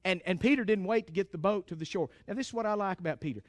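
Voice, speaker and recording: High-pitched fervent preacher man. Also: very fast, dry recording, clean studio sound. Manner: fervent, emphatic, calls for amens. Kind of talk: sermon.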